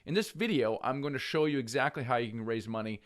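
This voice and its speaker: Fast-talking man pitching real estate investing. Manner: fast, energetic, persuasive with frequent restarts. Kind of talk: direct-to-camera teaching talk.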